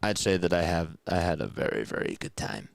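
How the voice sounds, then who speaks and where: Relaxed young man doing casual play-by-play. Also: sits low, fairly quick, vocal fry, no room sound. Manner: relaxed, chatty, answers viewer comments between calls. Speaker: play-by-play commentator and streamer. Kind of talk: casual radio-style play-by-play mixed with chat.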